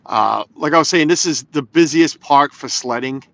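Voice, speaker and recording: His voice runs on the high side, creaky and a bit bright, at normal speed in a dry recording of slightly dull lo-fi phone audio. He's live-streaming from inside his car on snowy roads, chatting loosely to viewers, rambling, and reading their comments aloud.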